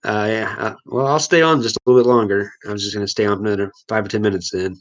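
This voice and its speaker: Casual livestream host, man from Missouri, slightly low voice, easygoing and rambling. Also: fairly even intonation, quick pace, highs cut off. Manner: laid-back, rambling, chuckles often. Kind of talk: casual live chat with viewers.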